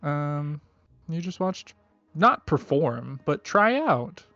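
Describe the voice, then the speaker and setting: Guy running a tabletop game, slow and halting, dry dull sound. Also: on the high side, big pitch swings, a bit bright, dry recording, faint music behind. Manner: halting, full of "um" and "like". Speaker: game master.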